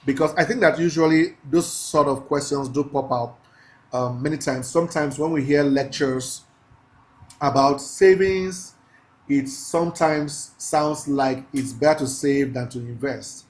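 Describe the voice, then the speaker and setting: Emphatic preachy man teaching a class. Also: on the high side. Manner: preachy, emphatic, slows down to stress key phrases; laughs often, casual asides to the class. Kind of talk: live class lecture.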